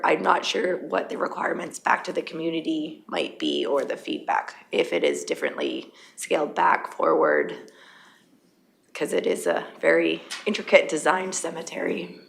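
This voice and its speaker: A woman from county administration presenting a budget at a council meeting, losing her voice and speaking in a halting, matter-of-fact way with fillers. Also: fairly low pitch, expressive, creaky, a bit bright. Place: council chamber.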